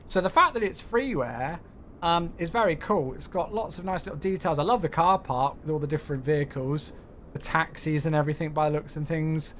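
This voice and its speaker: A man's voice: a little high, a little fast, fairly bright tone, a little hiss or hum. A man giving chatty live commentary while streaming a flight simulator and cheerfully greeting viewers.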